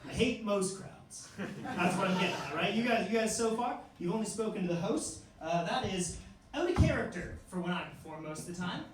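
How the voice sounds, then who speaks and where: A man in his twenties doing a stand-up set in a comedy club, telling stories deadpan and acting out hecklers. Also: high voice, a little fast. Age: 20s. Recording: live club room, echoey, distant mic, audible noise and laughter.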